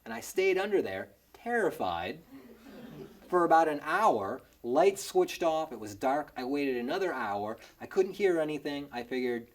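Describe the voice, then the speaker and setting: A man's voice: on the high side, big pitch swings, unhurried. A man from Illinois telling a funny personal story with wry, self-mocking asides. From Illinois, USA.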